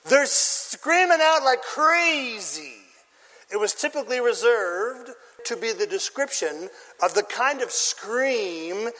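A man's voice: sits high, a bit bright, in a large hall. A man preaching a sermon as pastor, emphatic and quizzing his congregation with questions. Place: church.

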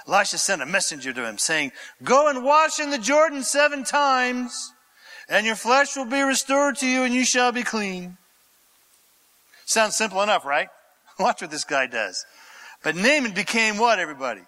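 Lively, theatrical male preacher. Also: high voice, measured pace, low-quality recording. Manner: theatrical, acts out scripture characters with shouts and voices. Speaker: pastor. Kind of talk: animated sermon.

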